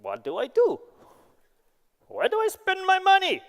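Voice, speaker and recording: A man's voice: extremely high pitch, huge pitch swings, a little slow, fairly bright tone, voice pushed up, exaggerated voice. A man putting on a Russian accent to play a rich, boastful oligarch in broken English, in an echoey hall.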